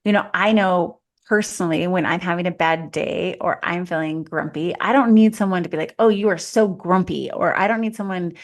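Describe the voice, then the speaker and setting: A woman's voice: lowish voice, brisk, hardly any pauses. A woman who is a life coach and co-host, giving earnest advice to parents in a casual chat. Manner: earnest, coaching, thinks aloud. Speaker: mother of teens.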